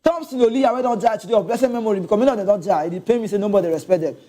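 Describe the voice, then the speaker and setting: High-voiced Nigerian man ranting on football. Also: rapid-fire. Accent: Nigerian Pidgin. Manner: animated, laughing, talks straight to viewers. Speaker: football commentator. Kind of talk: casual football rant.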